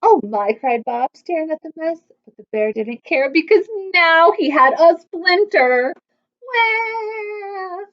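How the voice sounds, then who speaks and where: A woman librarian reading a picture book aloud to preschoolers at storytime, expressive and animated. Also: high-pitched, unhurried, few pauses. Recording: dull lo-fi recording.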